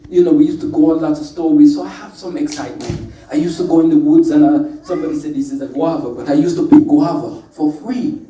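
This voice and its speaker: Leading an informal session at a spiritual workshop, a man whose mellow voice sits on the high side jokes with the group, calls out to them and teases with wordplay. The indoor meeting room has an echo, and the mic picks him up from afar.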